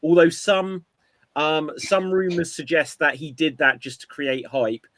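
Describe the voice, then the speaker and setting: A man co-hosting a casual podcast chat, telling an animated story and acting out quotes. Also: on the high side, a little slow, dry recording. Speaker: podcast co-host.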